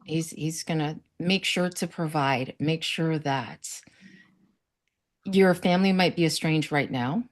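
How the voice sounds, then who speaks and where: A woman from South Florida speaks as a summit panelist in a casual panel conversation, her voice low-pitched and slow. She shares earnest, faith-filled stories and acts out quoted voices.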